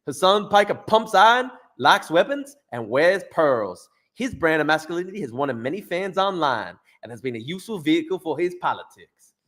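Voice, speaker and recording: A man reading a newspaper passage aloud in a put-on Southern American accent, an exaggerated mock drawl, pitched up and loud. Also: sing-song, normal speed.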